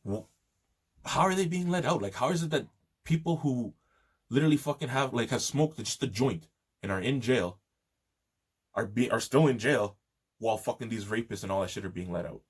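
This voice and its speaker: A man rants angrily into the camera, swearing constantly as his indignation builds. His voice is husky and slightly rough. He talks in a loose, heated monologue full of restarts. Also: medium pitch, moderate pace, pauses often. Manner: profane, indignant ranting. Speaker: video host. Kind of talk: angry monologue.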